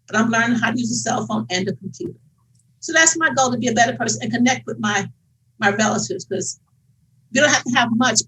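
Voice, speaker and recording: A woman's voice: fairly high pitch, fairly bright tone, husky, rough recording. An older woman on a family video call speaking earnestly and emotionally about faith and her goals.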